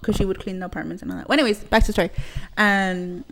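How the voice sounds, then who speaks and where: Profane, animated young woman telling a story. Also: medium pitch, fast talker. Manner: profane, animated retelling with quoted dialogue. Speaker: podcast co-host. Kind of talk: casual storytelling chat.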